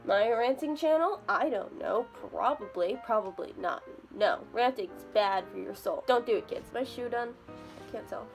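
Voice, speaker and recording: With soft music behind her, a young woman vlogs from her bedroom on her phone, chattily rambling and teasing herself. Her voice sits on the high side with lively intonation and vocal fry, at normal speed.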